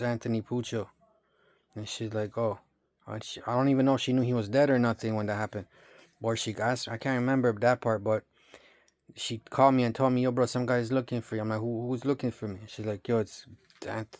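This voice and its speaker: Casting: male, thirties, casual street-slang storyteller, flat even pitch, dry recording. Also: dry recording. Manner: slangy, profane, rambling street talk. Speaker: vlogger.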